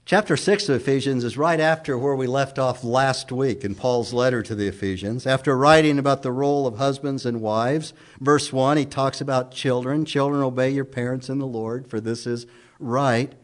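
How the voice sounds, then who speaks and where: A man's voice: medium pitch, normal speed. A man preaching a sermon as pastor, reading scripture aloud with emphatic, questioning delivery. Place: church sanctuary.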